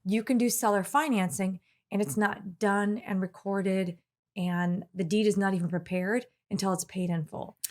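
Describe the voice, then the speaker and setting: A woman's voice: mid-range voice, fairly even intonation, normal speed, darkish tone. A woman co-hosting a casual business podcast who answers questions earnestly and laughs easily. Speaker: podcast co-host.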